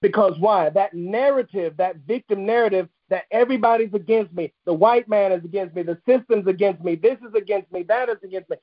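A man's voice: high-pitched, a little fast, hardly any pauses, highs cut off. A man preaching a sermon, emphatic and repetitive, driving points home with restated phrases. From United States.

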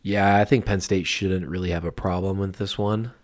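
A man's voice: deep voice, steady tone, normal speed. A man co-hosting a podcast, chatting casually about college football in a laid-back way, hedging with lots of fillers. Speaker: podcast co-host. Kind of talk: casual sports chat.

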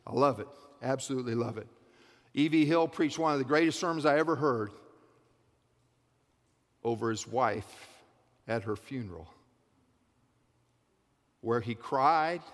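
A man preaching a sermon, building from a soft telling to loud, rhythmic repeated calls. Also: medium pitch. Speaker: pastor. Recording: long hall reverb.

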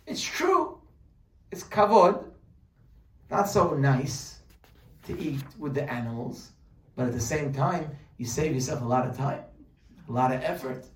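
Male Torah teacher, a bit high-pitched, animated storyteller, recorded off-mic in an echoey room. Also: a little slow, long pauses. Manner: animated, explains Hebrew terms, humorous asides. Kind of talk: religious class with storytelling. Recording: roomy echo, voice from a distance.

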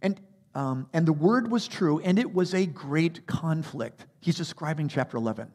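A man preaching a sermon as a pastor, animated, rising to emphatic peaks and dropping to quiet asides. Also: on the high side, normal speed.

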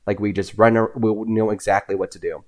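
A young man, a podcast guest, telling personal stories in a casual, animated way, often acting out what others said. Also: on the low side, a little fast. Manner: animated, acts out voices in his anecdotes. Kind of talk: casual storytelling.

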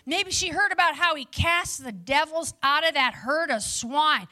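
A woman preaching a lively sermon to a live audience, with chatty asides to the listeners. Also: high-pitched, measured pace.

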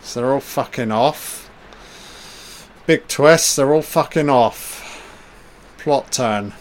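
A man drawls through a casual film commentary at an unhurried, slow pace. His voice sits at an ordinary middle pitch. He is sarcastic, swears freely and tosses off laid-back asides. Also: a little hiss or hum.

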